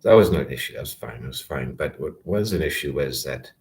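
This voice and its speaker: Very deep-voiced rambling man. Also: animated, fast, creaky, a little mellow, a little hiss or hum. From Calgary, Canada. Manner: rambling, sarcastic, self-interrupting with fillers. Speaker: vlogger. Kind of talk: rambling direct-to-camera rant.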